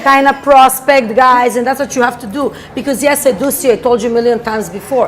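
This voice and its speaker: A woman's voice: a little high, fairly even intonation, fairly quick, hardly any pauses. A woman astrologer on a talk show giving rambling, earnest advice in loose, broken grammar. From from Toronto area. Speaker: astrologer guest. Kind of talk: casual talk show chat.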